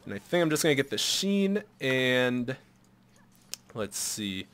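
Young guy doing live game commentary at his pc, bright voice, swears and yells when stuff happens. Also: mid-range voice, takes it slowly. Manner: excitable, bursts into loud shouts at big plays; swears and jokes casually, mutters to himself while shopping. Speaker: gameplay commentator.

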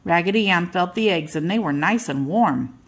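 An older woman reading a bedtime storybook aloud as a storyteller, gentle and unhurried. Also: lowish voice, animated.

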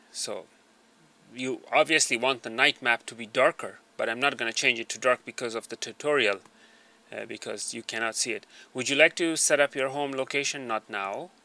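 Hesitant male tutorial narrator, bright voice. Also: medium pitch, steady tone, moderate pace. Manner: hesitant, full of fillers. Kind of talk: screen tutorial voice-over. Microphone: small desk microphone.

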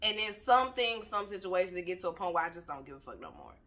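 A woman's voice: fairly low pitch, big pitch swings, fast talker, pushed and bright. A woman on her couch at home giving a candid motivational talk, blunt and preachy, swearing freely. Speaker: motivational speaker.

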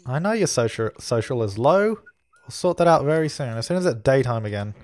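A man talks his way through a life-sim game, chatting as he goes and telling his characters what to do. His voice sits at an ordinary middle pitch. The sound is dry and close, with no room around it. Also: lively intonation, fairly quick, darkish tone, no room sound. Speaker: let's play host. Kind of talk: casual gameplay commentary.

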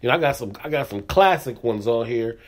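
A man's voice: mid-range voice, animated, a little fast. A middle-aged man hosting his own comedy podcast, talking loosely and casually with lots of "you know what I'm saying" fillers. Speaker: podcast host. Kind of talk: casual solo podcast monologue.

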